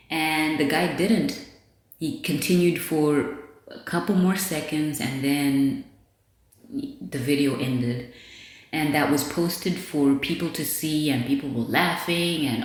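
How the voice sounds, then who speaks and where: Deep-voiced and a little slow and mellow, this podcast host talks frankly and bluntly in a relaxed solo monologue, swearing a lot. Her recording space is very echoey.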